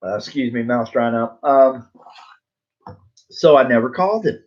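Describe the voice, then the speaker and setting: A man's voice: medium pitch, expressive, moderate pace, a little mellow, lo-fi sound. A man in his forties, a comic book artist, telling a rambling story to viewers in a laid-back, tongue-in-cheek way. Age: 40s. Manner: rambling, full of fillers, laughs at himself.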